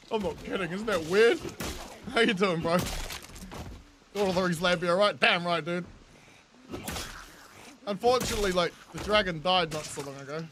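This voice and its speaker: A man's voice: sits high, animated, slow, pauses often, noisy background. A man in his thirties with a New Zealand accent, chatting with viewers in casual, jokey gameplay commentary, laughing often and swearing freely. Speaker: game streamer.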